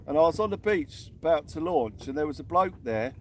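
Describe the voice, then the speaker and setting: A man's voice: on the high side, expressive, fairly quick, slight background noise. A young man giving cheery running commentary while fishing from a small boat outdoors. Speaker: fishing vlogger. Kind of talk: live-stream commentary.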